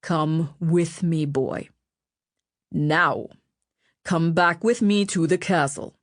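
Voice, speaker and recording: A woman's voice: sits low, slow pace, no echo, studio quality. A woman voicing a scheming, furious male royal spymaster who snarls and menaces in an audiobook. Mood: menacing.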